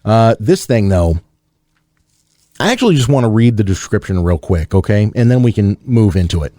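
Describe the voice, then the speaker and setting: A man hosting a car podcast in casual chat, animated and joking, swearing freely. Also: lowish voice, moderate pace, no room sound, clean studio sound. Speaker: podcast host.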